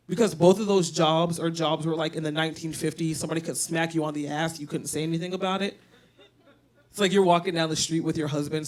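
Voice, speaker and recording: A woman tells stories through a stand-up set, brash and profane. She works a handheld mic on a small bar stage. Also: sits low. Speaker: stand-up comedian. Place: comedy bar stage, indoors.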